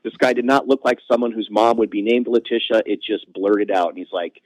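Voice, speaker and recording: A man, a comedian guest on a podcast, telling self-mocking anecdotes in a lively conversational way. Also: dry recording, low-quality recording. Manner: animated, self-mocking anecdotes with quick pitch jumps. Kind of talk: conversational storytelling.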